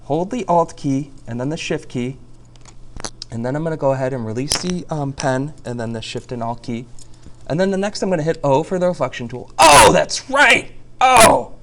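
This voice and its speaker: A man teaching a software tutorial over a screen recording, chatty and jokey, talking through each click. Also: medium pitch, expressive, a little fast.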